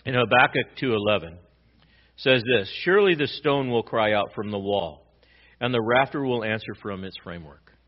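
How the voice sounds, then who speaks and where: A man pastor preaching a sermon, swinging between loud emphatic lines and quiet low ones. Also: lively intonation, moderate pace, lo-fi sound.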